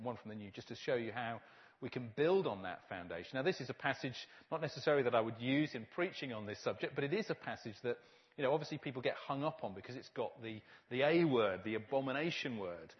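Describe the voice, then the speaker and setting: Wry preacher, dull recording. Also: male voice, mid-range voice. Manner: conversational, wry humor, emphatic stresses. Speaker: pastor. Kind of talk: preaching talk to a church audience.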